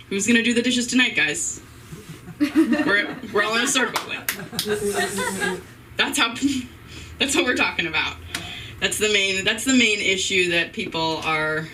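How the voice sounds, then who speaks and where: A woman's voice: lowish voice, pushed and bright, recorded from a distance, rough recording. Giggly, rambling woman at an open mic. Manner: giggly, rambling, self-deprecating. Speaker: stand-up comedian. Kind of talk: stand-up comedy. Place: live open mic night at a comedy venue. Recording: off-mic voice with faint room noise.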